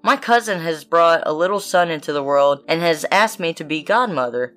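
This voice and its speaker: A woman's voice: low voice, animated, normal speed, a bit bright, soft background music. Sly liar cat, female, sweet-talking in a fairy tale; read by a woman. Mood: coaxing.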